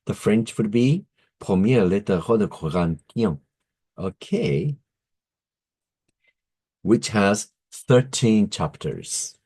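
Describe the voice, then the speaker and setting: A deep, husky-voiced man teaching a language lesson at a slow, deliberate pace. His pitch rises and falls a lot as he repeats each word and corrects himself, with the odd chuckle. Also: dark tone.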